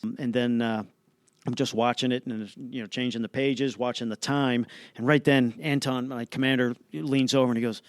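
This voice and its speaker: Smooth-voiced man telling a vivid story. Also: medium pitch, normal speed, no echo, clean studio sound. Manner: animated, vivid play-by-play with many fillers. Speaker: astronaut guest. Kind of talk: casual storytelling in an interview.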